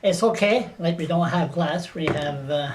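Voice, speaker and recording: A man's voice: a little high, normal speed, slight background noise. Blunt, sarcastic man interviewing. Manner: blunt and sarcastic, laughs at his own jokes. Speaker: interviewer and activist. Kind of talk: casual interview.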